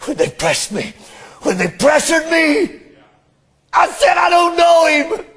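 A remorseful male disciple pours out his guilt in a sermon retelling, as a male preacher voices him. His voice sits very high and strained, and he pleads in anguish over his betrayal. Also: big pitch swings, takes it slowly, a bit bright, raised voice, exaggerated voice.

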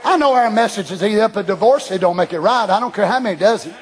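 A man preaching a fervent sermon, dropping to hushed asides and then rising to shouted declarations. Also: high voice, expressive, fast, slight background noise. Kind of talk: Pentecostal-style sermon.

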